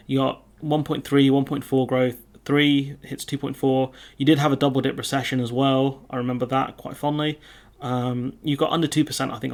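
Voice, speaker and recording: Sardonic man with a gravelly voice. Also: mid-range voice. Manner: sardonic, chatty, lots of filler words. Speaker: political commentator. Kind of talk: casual political commentary on news.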